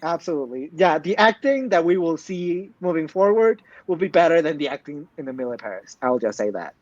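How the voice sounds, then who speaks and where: High-voiced man co-hosting a podcast. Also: expressive, brisk, darkish tone, highs cut off. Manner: emphatic, blunt, swears freely. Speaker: podcast co-host. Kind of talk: casual recap chat.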